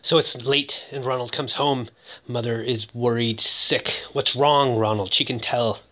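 A man's voice: mid-range voice, steady tone, a little slow, pushed and bright. A man giving a casual, joking commentary on a film, with lots of "ooh" asides. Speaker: movie recap host.

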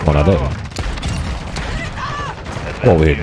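A man's voice: rumbling low, steady tone, slow. A man giving casual gameplay commentary, reacting with frequent swearing and exasperation. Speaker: gaming YouTuber. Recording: game gunfire behind voice.

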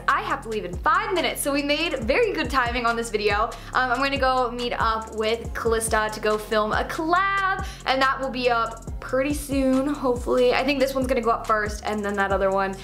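A woman's voice: sits high, brisk, few pauses, bright, forceful tone, faint music behind. A young woman YouTuber wrapping up a vlog, thanking viewers in a chatty way full of "um" and "like". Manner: upbeat, filler-heavy sign-off to viewers. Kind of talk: casual vlog outro.

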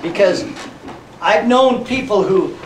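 A man's voice: sits high, takes it slowly, slight background noise. A man preaching a sermon as pastor, folksy and joking, often laughing. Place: church sanctuary. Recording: echoey church sanctuary, mic from far off.

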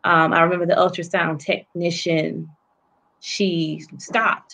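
Interview guest: woman with a lowish voice, speaking softly and haltingly. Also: fairly even intonation, gravelly. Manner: soft, halting, many pauses and restarts. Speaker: guest author and poet. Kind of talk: personal story in an interview.

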